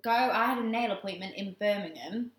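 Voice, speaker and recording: A young woman co-hosting a podcast, telling a story in casual chat, animated and laughing, swearing freely. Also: mid-range voice, brisk. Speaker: podcast co-host. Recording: echoey room.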